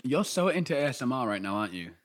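A man's voice: mid-range voice, big pitch swings, racing, a little hiss or hum. A man in his twenties with a Yorkshire accent, co-hosting a casual podcast chat in a camp, sassy way with plenty of swearing. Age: 20s. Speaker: podcast co-host.

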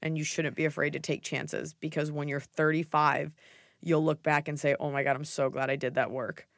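A woman's voice: sits low, level tone, moderate pace, fairly bright tone, no echo, clean studio sound. A woman in her thirties hosting a casual advice podcast, blunt and joking, with lots of "like" in her speech. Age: 30s. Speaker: podcast host giving advice.

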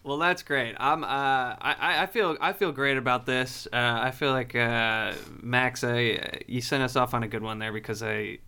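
A man's voice: mid-range voice, fairly even intonation, normal speed, few pauses, bright, forceful tone, clear, resonant tone. A man hosting a comedy podcast, enthusiastic and prone to stumbling restarts. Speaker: podcast host. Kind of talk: casual comedy chat.

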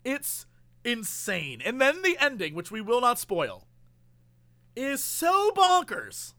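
A man's voice: extremely high pitch, slow pace, dry recording. A man in casual chat, animatedly retelling a movie plot and acting out the characters' lines. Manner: animated storyteller, acts out quotes.

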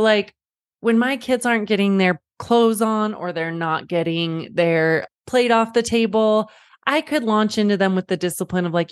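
A chatty woman in her thirties coaching parents in a relaxed, conversational way. She jumps into bright, playful voices when acting out what she says to her kids. Her voice is mid-pitched and recorded close, with a dry sound and no room echo. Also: normal speed, clear, resonant tone. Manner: chatty, acts out quotes in a high playful voice. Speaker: parent coach and podcast host. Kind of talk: casual teaching talk.

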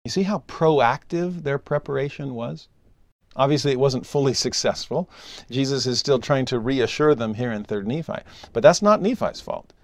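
Man, scripture lesson, emphatic teacher, soft asides and raised exclamations, dry close sound. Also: medium pitch, animated, moderate pace, no echo.

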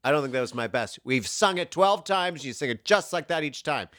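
A woman's voice: low voice, animated, a little fast, a bit bright, slight background noise. A woman co-hosting a comedy podcast, trading dry, teasing comebacks. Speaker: podcast co-host.

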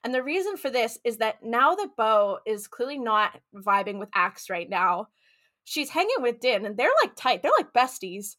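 A woman co-hosting a casual podcast, animated and laughing, acting out scenes in quoted voices. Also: on the high side, moderate pace. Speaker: podcast co-host.

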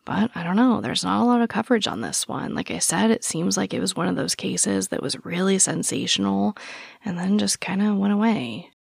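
A woman hosting a true crime podcast, speaking earnestly and softly to her listeners with a sore throat. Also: mid-range voice, a little fast, gravelly, husky, no room sound, studio quality. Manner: earnest, soft-spoken, addresses listeners directly. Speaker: podcast host. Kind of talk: true crime podcast narration and casual after-show chat.

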